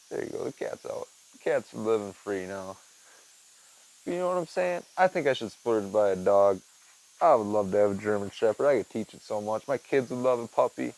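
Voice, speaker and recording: A man in his garage talking casually to his viewers, rambling and swearing, and cooing at his cat in a high voice. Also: vocal fry, poor audio. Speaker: vlogger. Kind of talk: casual monologue to camera.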